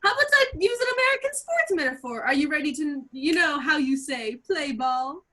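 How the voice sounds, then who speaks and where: A woman's voice: high-pitched, animated, normal speed, a bit bright, voice pushed up. Gloating russian bad guy, hammy fake accent, bouncy voice all over the place , read by a young woman. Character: gloating male Russian villain, smug and menacing. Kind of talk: amateur script read-through over video call.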